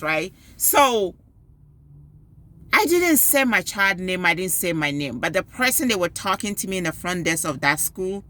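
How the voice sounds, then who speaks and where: A woman and school parent telling a story with animated emphasis, giving advice in a personal video. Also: lowish voice. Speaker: parent and PTO volunteer.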